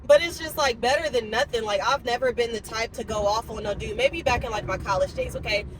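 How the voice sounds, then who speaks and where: A woman's voice: a little high, fairly quick, slight background noise, poor audio. A woman in her twenties talking casually and expressively to her viewers in a vlog, recorded on a phone while out running errands. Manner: chatty, expressive, talks straight to viewers. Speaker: vlogger.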